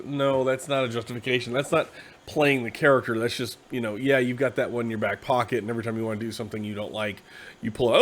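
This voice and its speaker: A tired man hosting a casual, rambling explanation of a tabletop game class, slipping into quick acted asides. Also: mid-range voice, steady tone, fairly bright tone. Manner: conversational, acts out quick quoted asides. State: tired, yawning.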